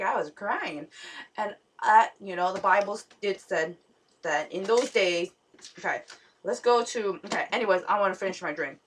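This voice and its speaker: A woman's voice: medium pitch, animated, moderate pace, a bit bright, breathy edge. A young woman vlogger rambling through a dream story, full of fillers and restarts. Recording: voice somewhat far from the mic.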